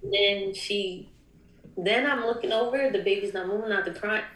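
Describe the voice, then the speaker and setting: A young woman giving an emotional personal testimony, halting with many ums and near tears at times. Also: mid-range voice, fairly bright tone, echoey room, low-quality recording. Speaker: guest.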